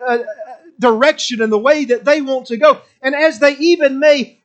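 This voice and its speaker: A man's voice: very high voice, normal speed. A middle-aged man preaching a sermon with impassioned, repetitive emphasis.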